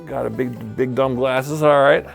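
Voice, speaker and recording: Gravelly rambling man podcast host. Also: medium pitch, animated, normal speed, faint music behind. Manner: rambling, profane, repeats himself. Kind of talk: casual banter.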